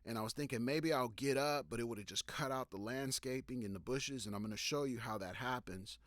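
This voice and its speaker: A man's voice: mid-range voice, a little fast, a bit bright, no echo, clean studio sound. A man giving photography tips on a live stream, talking loosely with fillers and restarts and stopping to answer viewer questions. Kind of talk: casual live-stream talk.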